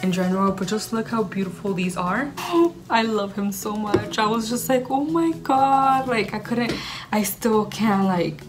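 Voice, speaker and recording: A woman's voice: mid-range voice, normal speed, music in the background. A young woman chatting to camera at home for her vlog, gushing and rambling with lots of "like". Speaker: vlogger. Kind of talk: casual chat to camera.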